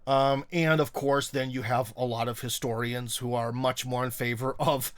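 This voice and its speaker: A man's voice: medium pitch, little pitch movement, moderate pace. A middle-aged man hosting a livestream, talking bluntly and sarcastically with lots of fillers and restarts as he reads comments. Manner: blunt and sarcastic, frequent fillers and restarts, mocking put-on voices. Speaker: live stream host. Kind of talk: casual opinion livestream reading comments.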